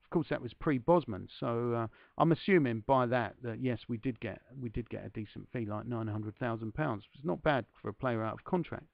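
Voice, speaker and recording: A man's voice: mid-range voice, brisk, creaky, hardly any pauses, no echo, lo-fi sound. A man hosting a podcast, reading a book passage aloud and breaking off for self-deprecating asides to his listeners. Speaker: podcast host.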